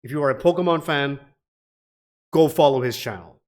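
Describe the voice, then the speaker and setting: A man's voice: on the high side, moderate pace. Rambling casual man reacting to a video. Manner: rambling, swears casually, frequent fillers.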